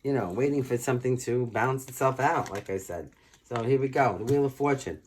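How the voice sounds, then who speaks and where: A man from Brooklyn with a New York accent, hoarse and losing his voice, giving a chatty, emphatic tarot reading and clearing his throat often. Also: medium pitch, fairly quick, a little mellow, slight background noise. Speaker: tarot reader. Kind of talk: casual tarot reading to camera.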